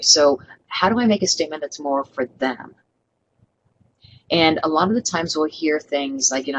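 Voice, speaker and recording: A woman's voice: deep voice, slight background noise, rough recording. A middle-aged woman running an online training webinar, upbeat and coaching, who acts out sample customer lines.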